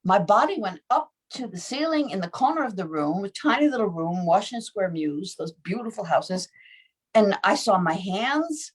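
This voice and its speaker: In an interview, a woman in her seventies shares anecdotes from her early acting days in a breathy, mid-range voice at a moderate pace. She chuckles frequently and performs the voices of the people in her stories.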